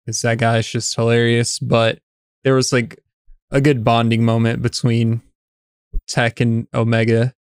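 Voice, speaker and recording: A man talks through a show episode in relaxed casual chat, his pitch staying level and flat. His voice is smooth and clear. It sits dry and close to the mic, with many fillers and restarts. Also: a little slow, no room sound. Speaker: podcast co-host.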